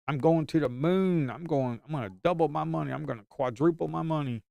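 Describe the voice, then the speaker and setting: A man's voice: fairly high pitch, a little fast, gravelly, mellow, no room sound, lo-fi sound, pitched above the performer's own voice. A man voicing a greedy male day trader who boasts about big gains and whines about losses. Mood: boastful.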